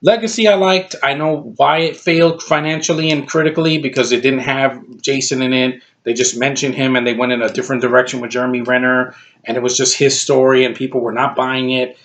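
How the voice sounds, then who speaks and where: A man's voice: mid-range voice, fairly even intonation, fairly quick, a bit bright. A man ranting casually about a film he dislikes, blunt and exasperated, rambling with frequent restarts. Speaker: movie reviewer.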